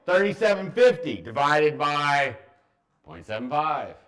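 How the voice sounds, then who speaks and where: Joking math teacher, man, slightly high voice. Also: very animated, measured pace, fairly bright tone. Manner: joking, offhand. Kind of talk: classroom teaching. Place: classroom with students.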